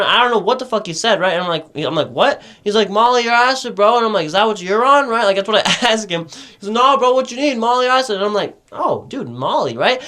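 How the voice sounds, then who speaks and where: A young man with a high, light voice tells a long, rambling story in casual podcast chat. He swears freely and keeps checking in with his listener, his delivery loose and animated. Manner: rambling, profane, animated storytelling with lots of "right?". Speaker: podcast host telling a story.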